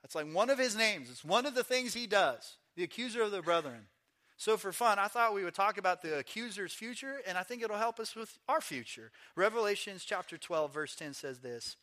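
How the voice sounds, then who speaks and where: Man, pastor, high voice, bright and forceful, lively sermon in a church. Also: normal speed. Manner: animated storytelling with acted voices.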